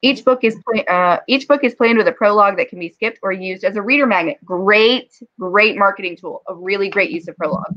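A woman's voice: mid-range voice, brisk, few pauses, dull audio. A woman hosting a casual livestream chat, reading viewer comments aloud and laughing often. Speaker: livestream host.

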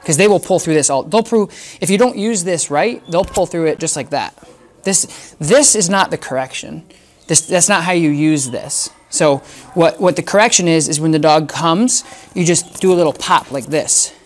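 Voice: medium pitch, moderate pace. Casting: a dog trainer, casual and emphatic, talks in repeated punchy phrases. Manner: talks to the dog in soft whispers between explanations. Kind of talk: casual instructional talk.

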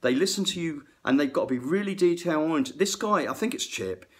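A man's voice: fairly high pitch, fairly quick. Rambling middle-aged man vlogging music theory. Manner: rambling, excitable, self-interrupting. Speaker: guitar tech and aspiring guitar teacher. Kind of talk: casual music theory vlog to camera. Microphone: phone camera.

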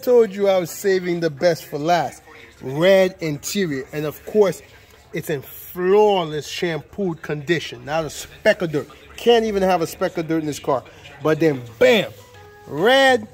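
A man with a fairly high voice runs through a casual sales walkaround outdoors on a car lot. His patter is playful and pumped up, and he keeps circling back to the same catchphrases. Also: animated, normal speed, soft background music. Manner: hyped, playful salesman patter with lots of repetition. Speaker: used car dealer.

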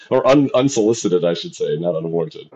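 A man co-hosting a casual podcast chat, telling coaching stories with animated acted-out quotes. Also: deep voice, moderate pace. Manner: animated storytelling, acts out quoted shouting. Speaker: podcast co-host and youth football coach. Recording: dull lo-fi sound.

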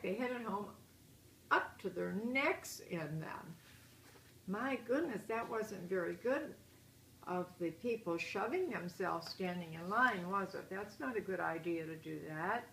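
An older woman reading a picture book aloud to children, pausing to ask them questions and point out good manners. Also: mid-range voice, gravelly. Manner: asks children questions, gently moralizing. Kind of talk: picture book read-aloud with asides to kids. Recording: roomy echo, faint hiss.

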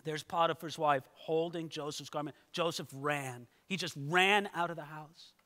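A male pastor preaching a sermon in a lively way, speaking directly to his listeners. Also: on the high side, normal speed, long reverb tail. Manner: animated, talks straight to listeners. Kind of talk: expository sermon.

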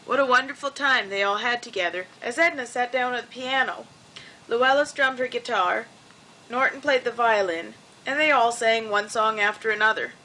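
A woman narrating a children's storybook in a gentle reading voice. Her tone is fairly high and crisp, with a faint room ambience behind her. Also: moderate pace, a little hiss or hum, poor audio.

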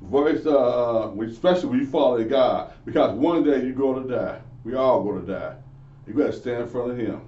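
A man's voice: mid-range voice, normal speed. Earnest man teaching the Bible, echoey. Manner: earnest, preachy, asks and answers himself. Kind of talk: informal Bible lesson. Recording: echoey, distant, dull lo-fi.

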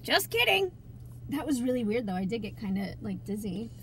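A woman's voice: on the high side, big pitch swings, a little fast, a bit bright, a little hiss or hum. A woman, a mother, chatting casually and teasing her son on a live stream, giggling often. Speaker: mother demonstrating nail polish on a live stream.

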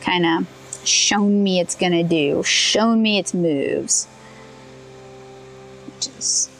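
A young woman from Louisiana, chatting casually as she paints, thinking out loud and correcting herself as she goes. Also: fairly low pitch, slow, slight background noise, poor audio. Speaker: comic artist testing paints.

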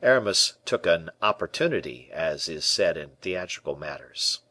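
Expressive male audiobook narrator. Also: low voice, normal speed, dry recording. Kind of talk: scripted narration.

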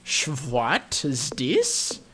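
A man's voice: mid-range voice, wildly swooping pitch, drawn-out words, fairly bright tone, a little hiss or hum. A young man giving casual, joking gameplay commentary with a friend, prone to giggles and offhand remarks. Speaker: gaming co-host.

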